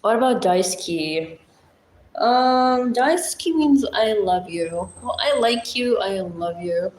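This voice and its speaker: A woman's voice: mid-range voice, expressive, slow pace, darkish tone, a little hiss or hum. A woman hosting a casual livestream, chatting with viewers and rambling through simple language explanations with plenty of fillers. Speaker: livestream host. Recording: echoey room.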